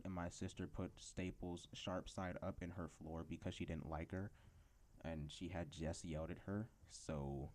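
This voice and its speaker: A teenage boy with a notably low voice tells school stories in a loose, rambling podcast rant. He talks casually and fills the gaps with ums and likes. He sounds unpolished and chatty. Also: darkish tone, slight background noise. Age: teens. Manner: rambling storytelling with many fillers. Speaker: podcast host.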